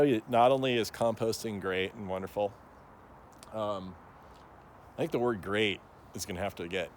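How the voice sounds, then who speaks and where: A man's voice: fairly low pitch, a little mellow, slight background noise. A man talking casually to camera as a plant grower, rambling and joking with lots of fillers and frequent chuckles. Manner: chuckles often.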